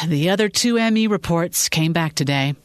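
A woman voicing a sympathetic office colleague leaving a gentle, hesitant voicemail. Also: lowish voice, lively intonation, unhurried, dry recording. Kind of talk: audiobook-style fiction reading.

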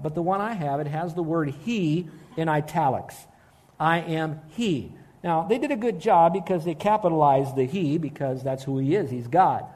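A man preaching a sermon, earnest and emphatic, slowing down to stress key phrases. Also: on the high side, mellow. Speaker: pastor.

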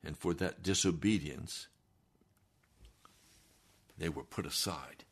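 A man's voice: low-pitched, slow pace, husky. A male pastor preaching an earnest, emphatic sermon.

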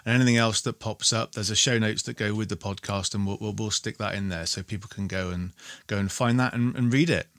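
A man with a fairly low voice hosts a podcast interview. He chats easily, putting in short affirmations and simple questions, heard dry and close with no room sound. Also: steady tone, a little fast, hardly any pauses, fairly bright tone, dry recording. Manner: easygoing, brief affirmations and questions. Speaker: podcast host. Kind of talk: casual interview chat.

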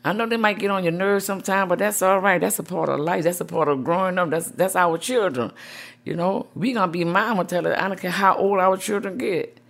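A middle-aged woman, a grieving mother interviewed for a news report, speaking softly and emotionally with many "you know"s. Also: on the low side, brisk, gravelly. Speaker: grieving mother, support group founder.

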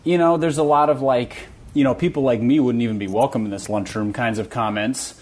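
A man co-hosting a casual chat podcast. He talks in a jokey, riffing way at an ordinary, mid-range pitch. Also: steady tone, a little mellow. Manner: jokey, quick with bits and put-on voices. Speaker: podcast co-host.

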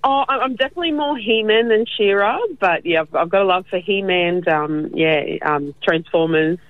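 A woman's voice: mid-range voice, normal speed, dry recording. Woman caller on a tinny phone line. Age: 30s. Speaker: radio caller. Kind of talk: phone-in chat. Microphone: telephone.

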